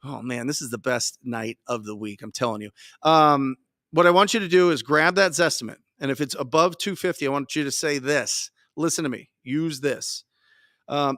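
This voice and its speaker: A man hosting a live Q&A, coaching his listeners in an energetic, emphatic way and repeating his key points. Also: mid-range voice, moderate pace, no echo, studio quality. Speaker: podcast host and wholesaling coach.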